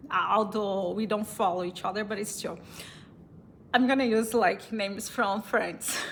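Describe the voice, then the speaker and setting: A woman's voice: medium pitch, fairly bright tone, slight background noise. A woman from Brazil with a Brazilian accent, casually telling a personal story in English, chatty and laughing often between fillers and restarts.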